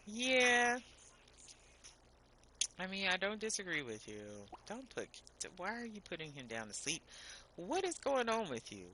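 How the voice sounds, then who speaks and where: A woman's voice: mid-range voice, wildly swooping pitch, a little slow, bright, forceful tone, slight background noise, low-quality recording. A woman streaming herself playing a life-sim game, chatting casually and scolding the characters in an exasperated, chatty way. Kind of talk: casual gameplay commentary.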